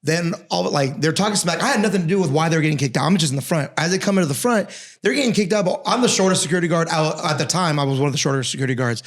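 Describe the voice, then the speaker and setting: A podcast co-host, a man, telling a work story in a rapid, exasperated way. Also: on the high side. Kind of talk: casual podcast chat.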